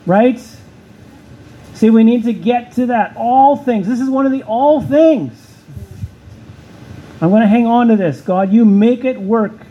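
A man's voice: very high-pitched, a little slow, pauses often, slightly rough, muffled recording. A man preaching a sermon as pastor, asking the listeners questions and repeating key words for emphasis.

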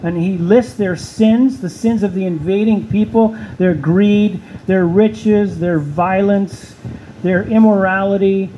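A man's voice: sits high, slow pace, dark tone, slight background noise, rough recording. A man preaching a sermon as pastor, asking the listeners questions and repeating key words for emphasis.

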